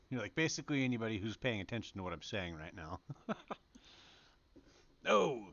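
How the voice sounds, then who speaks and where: Lively, swooping-voiced player. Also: male voice, fairly low pitch, unhurried, vocal fry, pauses often, muffled recording. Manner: laughs often, lively. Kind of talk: casual game-table chat.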